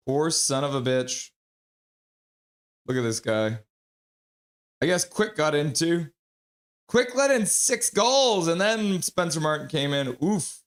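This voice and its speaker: Male stream host, slightly high voice. Chatty and reactive, reads chat aloud, bursts into loud exclamations. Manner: breaks into loud excited exclamations. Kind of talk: casual live-stream hockey chat.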